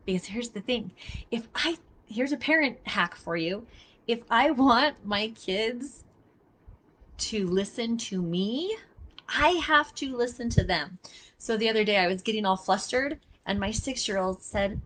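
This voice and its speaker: A woman's voice: medium pitch, animated, a little slow, fairly bright tone. A middle-aged woman giving a casual live teaching talk, earnest and emphatic, speaking straight to her listeners. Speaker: body mapping teacher. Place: outdoors near traffic.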